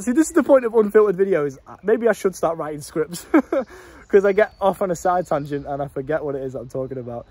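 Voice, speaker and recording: A man's voice: a little high, dark tone, husky. A young man, a self-improvement coach giving an unfiltered, passionate vlog monologue, blunt and full of swearing. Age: young adult.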